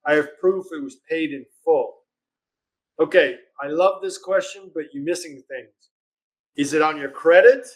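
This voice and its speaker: A man hosting a live question-and-answer stream, reading viewer questions aloud in a casual, chatty way and laughing often. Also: a little high. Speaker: host of a live legal Q&A stream.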